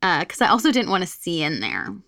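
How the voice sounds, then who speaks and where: Lively, bright-voiced woman reading a story. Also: fairly low pitch, a little fast, creaky, no echo, studio quality. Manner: giggly, animated storyteller. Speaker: podcast co-host reading a listener story. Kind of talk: casual chat and story reading.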